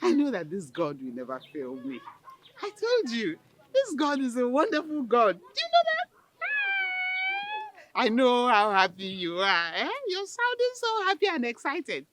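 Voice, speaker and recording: An actress with a Nigerian accent playing an excitable, devout older village mother on a phone call, soon to be a grandmother. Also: fairly high pitch, a little slow, noisy background. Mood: overjoyed. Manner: exclamatory, breaks into praise and cries. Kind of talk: film acting.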